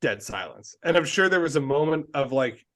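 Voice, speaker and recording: A man co-hosting a casual podcast, swearing freely, laughing, and tossing out quick asides. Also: fairly high pitch, expressive, fairly bright tone. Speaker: podcast co-host. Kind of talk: casual chat.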